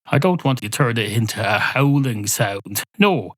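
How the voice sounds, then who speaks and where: A man hosting a rambling solo comedy podcast, deadpan and absurd, swearing at imagined listeners. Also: mid-range voice, normal speed, no room sound. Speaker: podcast host.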